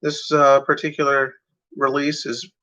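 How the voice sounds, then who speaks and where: Rambling man with a bright voice. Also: medium pitch, flat delivery, measured pace. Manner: rambling, hesitant, with many fillers and self-corrections. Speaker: video host. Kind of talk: casual talk to camera. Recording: dull lo-fi sound.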